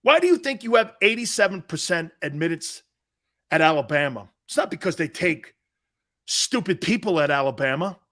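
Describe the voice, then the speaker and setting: A man's voice: sits high, fairly bright tone. A man from Connecticut hosting a sports talk show, blunt and mocking as he reads viewer comments and rants.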